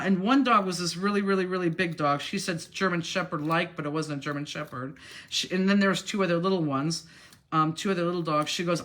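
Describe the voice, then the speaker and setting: A woman's voice: on the low side, a little fast, a bit bright. A woman teaching a crafting class live, telling a long rambling story while she works and acting out what other people said. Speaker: crafting instructor.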